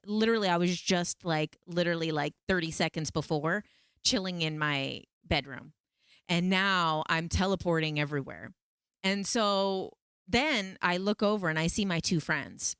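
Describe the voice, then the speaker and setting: A podcast host woman tells a story in a loose, animated way, rambling and full of fillers. Her voice sits a little low and sounds smooth and clear. The recording is dry and close, with no room sound. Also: no echo. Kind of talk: casual storytelling.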